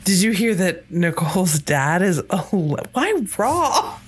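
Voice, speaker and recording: A woman's voice: on the low side, unhurried, husky. A woman co-hosting a podcast, chatting casually and playfully about a movie. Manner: laughing, playful, expressive. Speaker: podcast co-host. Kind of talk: casual movie-review chat.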